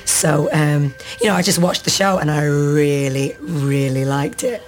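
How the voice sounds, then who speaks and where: A woman's voice: deep voice, unhurried. A woman actress being interviewed, chatting freely and laughing often. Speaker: actress guest. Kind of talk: casual interview.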